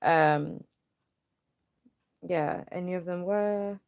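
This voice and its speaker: With vocal fry and drawn-out words, a young woman speaks in a lowish, darkish voice, captured in clean studio sound with no echo. On her casual livestream she reads comments aloud, venting frustration in a rambling, filler-heavy way.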